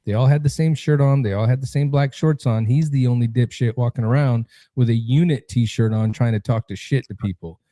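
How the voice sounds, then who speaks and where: Blunt, profane podcast host with a dark voice. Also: male voice, medium pitch, a little fast, hardly any pauses, no room sound. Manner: blunt, profane, animated ranting. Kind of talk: casual chat.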